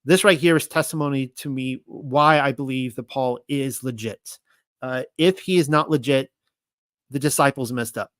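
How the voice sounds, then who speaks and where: Excitable man teaching scripture, dry close sound. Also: mid-range voice, normal speed, dry recording. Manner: excitable, reads scripture aloud then comments. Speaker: Bible teacher.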